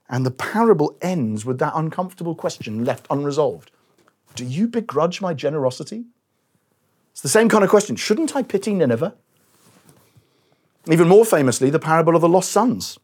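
A middle-aged male pastor preaches a sermon in a slightly high, husky voice at a brisk pace. He tells stories with animated, acted-out quotes and at times drops down to a quiet voice.

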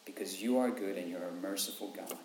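A man, a father with young kids, preaching a sermon in an animated way, repeating phrases for emphasis and acting out quotes. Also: low-pitched, fairly quick, a little hiss or hum. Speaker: pastor. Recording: echoey room, faint ambience.

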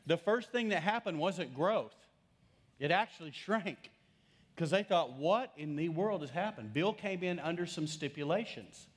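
Animated pastor, middle-aged man. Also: a little high. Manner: animated, conversational storytelling with frequent restarts. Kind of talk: sermon storytelling.

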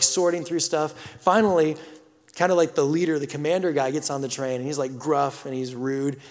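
A pastor giving a sermon, telling a story with emphatic swells and hushed drops. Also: male voice, fairly high pitch, in a large hall.

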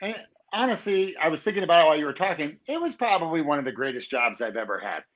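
A man's voice: on the high side, big pitch swings, fast talker, a bit bright, dull audio. A man hosting an interview, telling stories in a loose, chatty way. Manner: loose, chatty storytelling with lots of "like" and "you know". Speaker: podcast host. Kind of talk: casual interview.

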